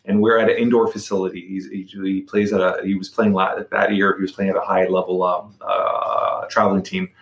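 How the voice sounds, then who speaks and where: A man's voice: low voice, level tone, a little fast, few pauses, echoey room. A middle-aged man telling a personal story as a podcast guest. He talks casually, repeats words and restarts sentences.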